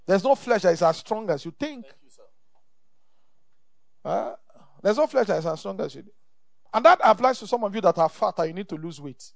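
High, gravelly Nigerian pastor preaching. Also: male voice, animated, normal speed, pauses often, no echo. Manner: emphatic, repeats phrases, calls for amen. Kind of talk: sermon.

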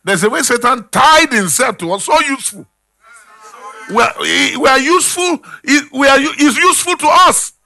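A man preaching a sermon, calling out questions to the congregation and swinging between loud and hushed. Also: extremely high pitch, expressive, moderate pace, creaky. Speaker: pastor.

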